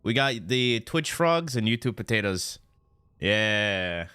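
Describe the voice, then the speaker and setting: A man's voice: lowish voice, sing-song, slow pace, sharp tone, clear, resonant tone. A man streaming a video game, chatting loosely with viewers and joking, with many restarts. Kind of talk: casual live-stream chat while playing.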